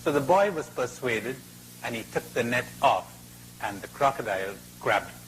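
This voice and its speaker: A man giving a spiritual talk and telling a fable, expressive with dramatic pauses. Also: mid-range voice, slight background noise, poor audio. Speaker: spiritual speaker.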